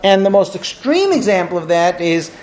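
A man telling a Torah lesson to a group outdoors, animated and full of rhetorical questions. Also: sits high, normal speed. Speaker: Torah teacher guiding a group. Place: outdoors at a holy site.

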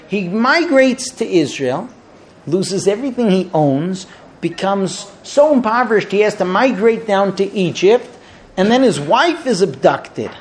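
A man telling a Torah lesson to a group outdoors, animated and full of rhetorical questions. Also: high-pitched, unhurried. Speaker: Torah teacher guiding a group. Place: outdoors at a holy site.

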